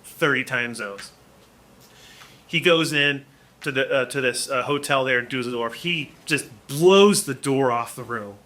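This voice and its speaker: Animated man in his forties, bright voice. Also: mid-range voice, measured pace. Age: 40s. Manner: animated, acts out quotes, many restarts. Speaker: podcast guest, musician. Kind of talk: casual storytelling.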